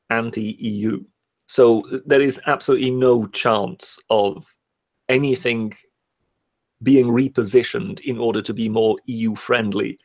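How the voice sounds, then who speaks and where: Man, England-born, raised in Europe; live-stream co-host, firm and measured, some stammers. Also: medium pitch, creaky, darkish tone. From born in England, grew up in continental Europe. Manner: measured, emphatic, with stammered restarts. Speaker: co-host, political commentator. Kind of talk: live-stream political chat.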